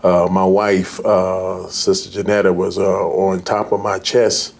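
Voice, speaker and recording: A man, a pastor, telling in an interview how he came out of a coma, halting and repeating words earnestly. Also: low voice, level tone, gravelly. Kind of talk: interview guest recounting illness. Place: TV studio.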